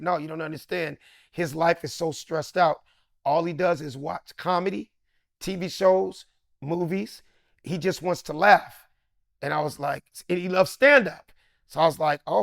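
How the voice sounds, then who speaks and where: Animated storytelling comedian, man in his fifties. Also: high voice, vocal fry, no echo, clean studio sound. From Los Angeles. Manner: lively, acts out quoted voices, slangy and emphatic. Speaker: comedian guest. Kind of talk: animated storytelling in a sit-down interview.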